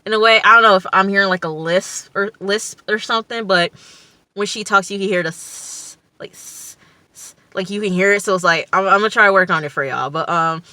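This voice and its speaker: A woman's voice: medium pitch, quick pace, pushed and bright, no room sound. A young woman vlogger casually recapping a TV episode, rambling with lots of fillers. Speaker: TV review vlogger.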